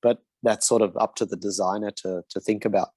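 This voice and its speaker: A man's voice: lowish voice, steady tone, fairly quick, darkish tone, slightly rough, no room sound. A man answering design questions as a mentor, in a casual and hesitant way with many fillers and restarts. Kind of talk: casual Q&A in an online session.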